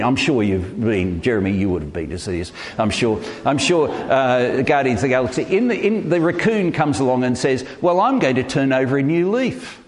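A middle-aged man, preaching a sermon in an animated, emphatic way with self-deprecating humour. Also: mid-range voice. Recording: reverberant hall.

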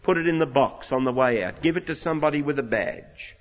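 A man's voice: mid-range voice, lively intonation, brisk. A man with an Australian accent preaching a sermon, retelling a story with dramatic, voiced quotes. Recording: lo-fi reverberant hall recording.

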